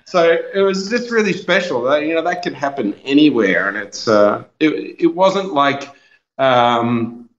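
A man's voice: fairly high pitch, lively intonation, measured pace, a bit bright, echoey room, dull audio. A man in his fifties with an Australian accent, a guest chatting in a radio interview, rambling with many restarts. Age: 50s. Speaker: guest, children's entertainer. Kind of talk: casual radio interview chat.

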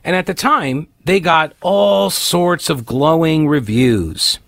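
A man's voice: fairly high pitch, takes it slowly, creaky, fairly bright tone, no room sound, studio quality. A man hosting a talk radio show, delivering an opinionated monologue full of sarcastic, mocking asides.

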